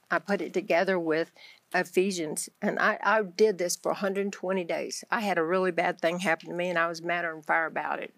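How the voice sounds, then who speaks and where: A woman's voice: lowish voice, a bit bright, dry recording. A woman with a Texan accent, a guest on a Christian talk show, telling her faith story with animation and acting out her own prayers. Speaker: guest author.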